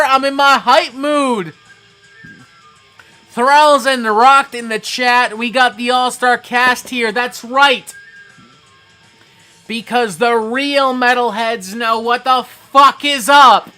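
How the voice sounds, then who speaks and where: Tipsy male stream host, bright forceful voice, unhurried delivery, swears constantly, drops from mumbling to hype shouting. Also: very high voice, steady tone, smooth, faint music behind. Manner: profane, swings from mumbling to hyped shouting. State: tipsy, getting drunker. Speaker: livestream host reading chat. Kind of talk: rowdy live-stream chat.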